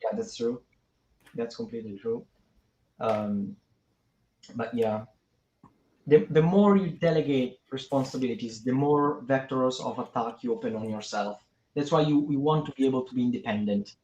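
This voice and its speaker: A man from Italy talking casually as a podcast guest, animated and speculative. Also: medium pitch, normal speed. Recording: echoey, dull remote call audio.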